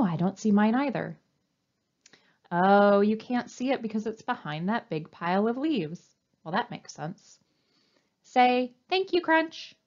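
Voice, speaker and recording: Lively sing-song woman reading to children. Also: on the high side, muffled recording. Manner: animated, sing-song, coaxing. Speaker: children's librarian. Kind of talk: storytime read-aloud.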